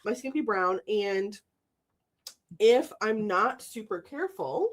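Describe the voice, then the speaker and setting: Teasing woman host, lively pitch. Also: slow. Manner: joking, teasing. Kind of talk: casual interview chat.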